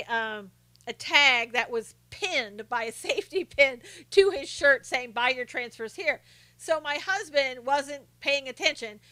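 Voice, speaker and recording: Bright, high-voiced woman chatting live. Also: no echo. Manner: chatty, greets and answers viewers by name; animated storyteller with frequent laughs. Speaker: live-stream host. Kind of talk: casual live-stream chat.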